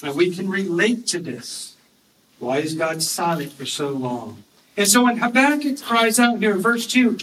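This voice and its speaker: Guy preaching, kinda high voice, earnest, leans hard on the bible verses, mic a bit far off. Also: sing-song, fairly bright tone. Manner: earnest, reads scripture slowly and emphatically. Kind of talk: sermon. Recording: distant mic with faint background noise.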